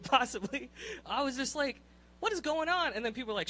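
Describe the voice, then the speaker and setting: Young guy doing standup, high bright voice, swears a lot, keeps laughing at his own bits. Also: a little fast. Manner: profane, animated, incredulous rants with frequent laughs. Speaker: stand-up comedian. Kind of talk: stand-up set at an open mic.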